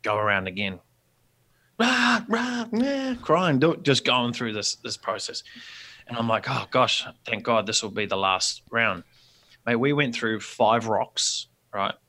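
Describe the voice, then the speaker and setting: A man telling a rambling, animated story as a podcast guest, with many restarts. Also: on the low side, unhurried.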